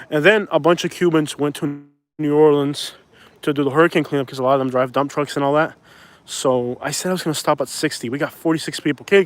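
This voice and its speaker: A man from Florida rambling in casual chat while driving, talking to viewers and his passenger. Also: on the high side. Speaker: vlogger. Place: car.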